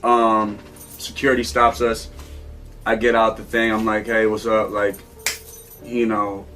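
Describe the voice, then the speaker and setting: A man's voice: on the low side, a little slow, distant mic. Slangy man spinning a story over music. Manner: animated, acts out quotes, slangy. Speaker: interview guest. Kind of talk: casual storytelling.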